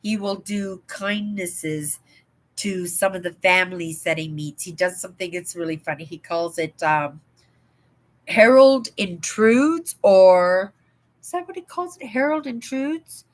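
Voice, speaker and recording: A woman's voice: lowish voice, expressive, moderate pace, rough recording. An older woman from Canada hosting a casual livestream, chatting and rambling, often checking in with "right?". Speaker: livestream host.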